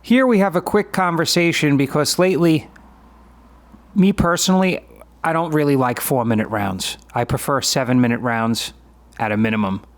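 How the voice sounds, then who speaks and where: A man in his fifties, with a fairly high voice at normal speed, provides voice-over commentary on a video of himself sparring in grappling. He explains the action conversationally and without fuss.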